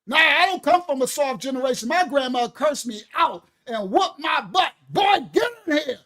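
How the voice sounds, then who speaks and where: A man preaching in a fiery, animated way, loud and slangy, often laughing. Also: very high-pitched, moderate pace.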